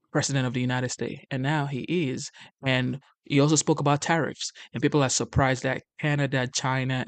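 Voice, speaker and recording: A man talks casually to his viewers, hesitating and filling gaps as he goes, in a mid-pitched voice. The sound is dry and close, with no room to it. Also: no echo. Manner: conversational, hesitant fillers. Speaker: vlogger introducing a clip. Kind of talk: casual commentary to camera.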